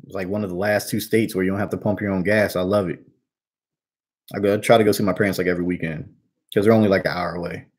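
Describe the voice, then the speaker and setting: Young man, casual Q&A host, slangy, says bro a lot, fairly low voice. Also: fairly even intonation, quick pace, a little mellow. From New Jersey. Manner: slangy, laid-back, calls people bro and man. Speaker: host answering viewer questions. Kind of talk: casual live Q&A chat.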